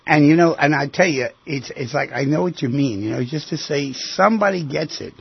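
A man's voice: fairly high pitch, brisk, creaky, breathy edge. A middle-aged man hosting a radio call-in show, counseling callers in a direct, coaxing, plain-spoken way. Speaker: radio call-in host and therapist. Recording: dry, muffled radio broadcast audio.

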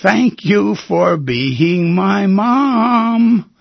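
A man's voice: a little high, animated, a little slow, creaky, slightly rough, dry recording, dull audio, full character voice. A man voicing a grieving young man who sings a song to his dead mother in a howling, wolf-like, off-key voice. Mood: wailing.

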